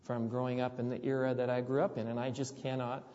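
A man's voice: medium pitch, little pitch movement, quick pace, dark tone. A man preaching a sermon, telling a story earnestly and often repeating his words. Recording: dull sound with long hall reverb.

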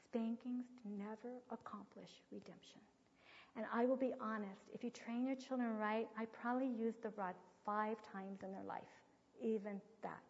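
Earnest middle-aged woman, fairly high voice, teaching talk, hushed at times, muffled lo-fi audio in a big reverby hall. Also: steady tone, normal speed, husky. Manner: soft-spoken, often dropping to a near whisper. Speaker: speaker on child training. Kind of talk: teaching talk with personal story. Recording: dull lo-fi sound with long hall reverb.

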